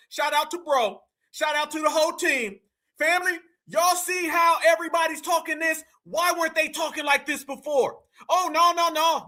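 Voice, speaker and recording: A man hosting a live stream, reacting to clips in a loud, mocking way and often calling out to his audience. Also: extremely high pitch. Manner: loud, mocking, keeps addressing "family".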